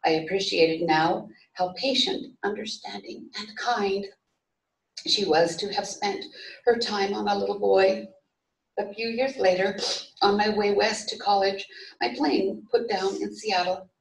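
Woman reading a story, slight fry. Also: medium pitch, measured pace. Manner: steady storytelling with small restarts. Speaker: reader at a memorial service. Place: memorial service venue. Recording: echoey room, voice from far off.

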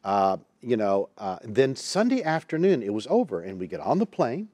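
A man tells a personal story in a studio interview, his voice at an ordinary middle pitch. He is lively and expressive, slipping into the voices of the people he quotes. The sound is dry and close, with no room echo. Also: moderate pace. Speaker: Christian counselor and minister, guest.

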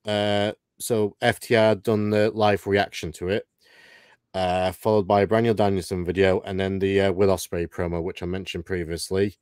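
A man from the UK co-hosting a casual livestream, matter-of-fact and quick to chuckle. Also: low-pitched, little pitch movement, darkish tone, clear, resonant tone, no echo, clean studio sound. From United Kingdom. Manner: matter-of-fact, chuckles often, light swearing. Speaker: co-host. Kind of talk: casual livestream chat, reading out ratings.

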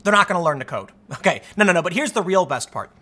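A high-pitched, fast-talking man does solo political commentary, reading news quotes aloud and reacting. When he's fired up, he becomes animated and repeats words.

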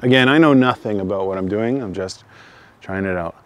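A man's voice: fairly low pitch, brisk, highs cut off. A man vlogging on his own outdoors, talking himself through a first try at a new instrument, self-deprecating and chuckling as he thinks aloud. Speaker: channel host trying bagpipes. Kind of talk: casual solo vlog. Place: outdoors in the open.

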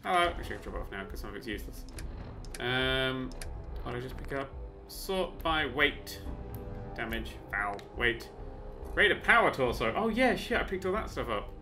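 A man casually commentating on his own gameplay, chatty and excitable, with sudden yelps and mock-boastful asides. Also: medium pitch, moderate pace, over music. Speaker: let's play host.

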